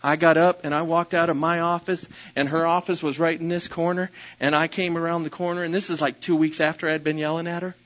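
Pastor, male, sermon delivery, bright forceful tone, lo-fi recording. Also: fairly high pitch, little pitch movement, a little fast, few pauses. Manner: storytelling, self-deprecating, rises to loud bursts.

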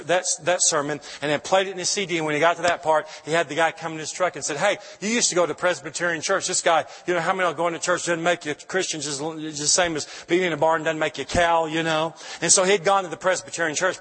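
This guest preacher is a middle-aged man whose voice is a little high and fairly bright. Sharing an emotional testimony, he frequently restarts his sentences, and the recording carries long hall reverb.

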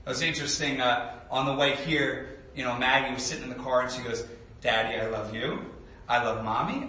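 Pastor, man, 30s, relaxed conversational sermon with fillers, bright tone, distant mic in a reverberant church. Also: medium pitch, slight background noise. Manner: conversational, with frequent fillers and restarts; animated storybook reading voice. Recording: echoey room, speaker away from mic.

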